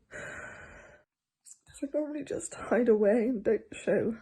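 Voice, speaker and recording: A young woman with a sore throat talking candidly into her video diary, halting and often hushed. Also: on the high side, breathy edge. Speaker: vlogger.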